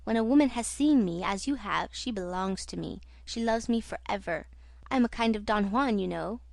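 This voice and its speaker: A woman reading aloud and voicing a tormented masked man who taunts, rages and grieves in turn, with loud, intense delivery. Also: medium pitch, normal speed, gravelly, no room sound, lightly acted. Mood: raging, taunting. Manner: intense, mocking, then anguished. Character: tormented masked male phantom, raging and self-pitying.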